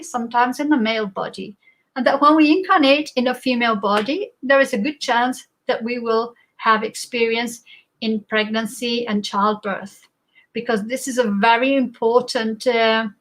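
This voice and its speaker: A woman giving a spiritual talk in a reflective way, pausing often with fillers. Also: fairly high pitch, fairly bright tone, rough recording. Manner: reflective, with many pauses and fillers. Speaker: guest speaker.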